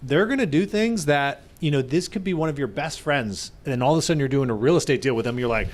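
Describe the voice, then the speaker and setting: A man's voice: fairly high pitch, animated, fast. Earnest man co-hosting a live podcast. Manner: earnest, retells stories with quoted voices. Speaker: podcast co-host.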